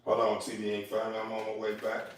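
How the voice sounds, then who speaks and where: A man's voice: on the low side, monotone, fast, background noise. A man hosting a livestream, ranting casually with profanity, stumbles and repeated words. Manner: repetitive, stumbling, profane, laughing. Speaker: livestream host.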